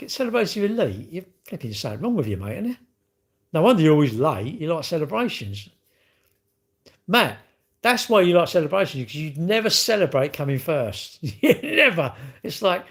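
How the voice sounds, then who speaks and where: On a live stream, a middle-aged host with a fairly high, slightly rough voice rambles through casual chat, responding to viewers' comments with strong opinions.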